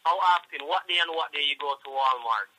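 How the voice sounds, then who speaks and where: A man with a Jamaican accent rants and threatens down the phone, swearing at nearly every turn. His voice sits a little high and rings very bright and sharp. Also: a little fast, poor audio. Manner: profane, threatening, ranting. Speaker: phone scammer. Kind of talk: angry phone call.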